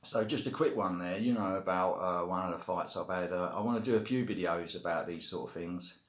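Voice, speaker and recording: A middle-aged man with a British accent recounts a story in a loose, rambling vlog style, leaning on fillers like "you know" and "basically". His voice sits low, and the sound bounces around an echoey room. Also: a little fast. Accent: British English. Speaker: vlogger telling prison stories. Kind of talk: casual storytelling to camera.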